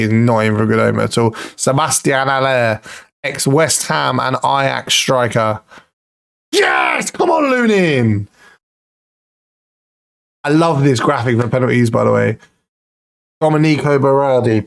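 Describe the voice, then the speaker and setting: A man commentating his own football management game, excitable and pleading at the screen, swearing now and then. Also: medium pitch, creaky, clean tone. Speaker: gaming YouTuber.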